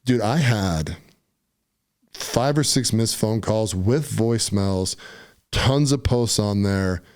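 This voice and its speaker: Low-voiced man telling a story. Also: slow pace. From Utah. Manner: animated, conversational, often says "dude" and "right?". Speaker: podcast guest. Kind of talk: casual storytelling.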